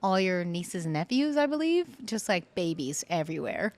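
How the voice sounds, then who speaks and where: A woman in her thirties hosting a podcast in casual chat, gushing and excitable, laughing often. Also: on the low side, moderate pace, no room sound. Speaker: podcast host.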